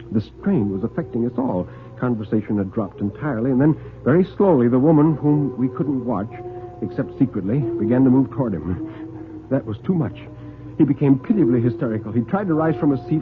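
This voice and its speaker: A theatrical male storyteller and host, his pitch lively and expressive. The sound is a narrow, phone-like vintage broadcast with a faint hiss behind it. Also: brisk. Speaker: narrator and show host. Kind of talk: dramatic radio storytelling. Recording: tinny old radio broadcast.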